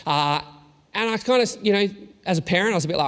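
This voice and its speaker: A man in his thirties preaches a sermon with a relaxed, storytelling manner, often restarting and joking at his own expense. His voice sits high for a man. The church hall carries a long reverb around every phrase. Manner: casual storytelling, self-deprecating, halting restarts. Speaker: pastor. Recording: long reverb in a large room.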